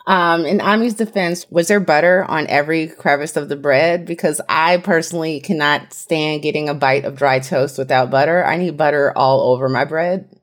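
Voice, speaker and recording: A woman's voice: sits low, normal speed, few pauses. A woman hosting a parenting podcast, steering the talk in an easygoing way. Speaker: podcast host. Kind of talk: casual chat.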